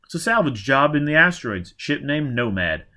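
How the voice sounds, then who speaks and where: A man's voice: mid-range voice, big pitch swings, normal speed, sharp tone, pitched above the performer's own voice. Man doing a stubborn young spacer, mumbling, sullen, tormented, close to his own voice.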